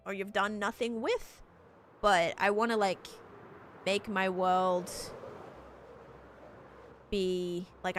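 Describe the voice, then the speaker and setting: Her voice mid-range and a bit bright, with a faint hiss or hum in the audio, this Australian-accented woman streams herself gaming live. She chats loosely and rambles, saying "like" constantly.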